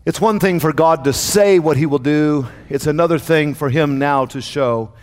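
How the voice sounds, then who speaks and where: A man's voice: fairly high pitch, normal speed, big-room sound. A man preaching a sermon to his congregation, with a dramatic call-and-response cadence. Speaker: pastor.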